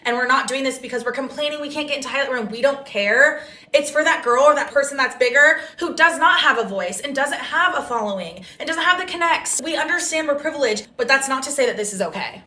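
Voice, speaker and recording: A young woman in a casual video, telling an upsetting story in an indignant, rapid way. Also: high-pitched, sharp tone, echoey room. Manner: indignant, fast-talking, quoting others.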